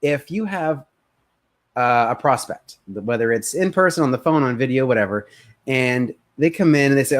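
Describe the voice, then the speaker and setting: Energetic male sales coach on a live stream. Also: mid-range voice, normal speed. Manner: energetic, conversational, acts out prospects' voices.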